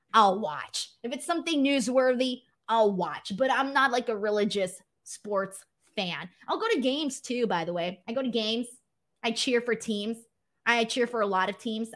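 A woman's voice: fairly high pitch, a bit bright. A woman hosting a live stream from home, chatting casually and animatedly while reading viewer messages, laughing often. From Los Angeles-based, lives in L.A. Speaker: wrestling show host. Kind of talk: live stream chat reading super chats.

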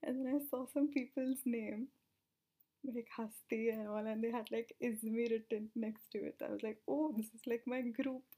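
A young woman vlogger rambles casually to her viewers, out of breath and giggling, swearing freely and sometimes dropping into a whisper. Her voice is fairly high and warm, with fairly even intonation at normal speed.

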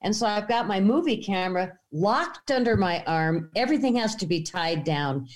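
A woman in an interview, animatedly telling a story and acting out the voices in it. Her voice sits at a middle pitch for a woman. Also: moderate pace. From United States. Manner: animated, acts out voices in anecdotes. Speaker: filmmaker guest.

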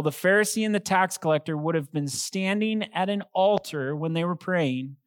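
A man, a pastor, preaching a sermon in an earnest, emphatic way, slowing down to stress key phrases. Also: on the high side, a bit bright, no room sound.

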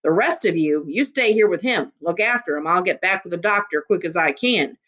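A woman voicing a gruff, blustering male rural constable who speaks in folksy, ungrammatical talk. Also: lowish voice, animated, fairly quick, fairly bright tone, lo-fi sound.

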